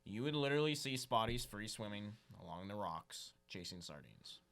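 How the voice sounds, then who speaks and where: A man's voice: fairly low pitch, animated, normal speed, fairly bright tone. A young man telling casual, rambling fishing stories as a podcast guest, saying "dude" a lot. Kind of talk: casual storytelling chat.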